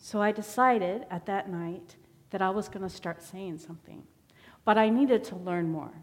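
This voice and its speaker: A woman delivers a personal testimony from the pulpit, telling her story in an easy, conversational way. Her voice sits at a middling pitch. It rings out with the long reverb of a church hall. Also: moderate pace. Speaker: church member giving a sermon. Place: church sanctuary.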